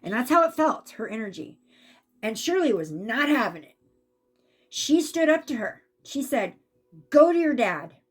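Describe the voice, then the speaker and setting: A woman giving a casual spiritual reading as an intuitive reader, chatty and animated when she acts out what spirits say. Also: a little high, normal speed, slightly rough, soft background music.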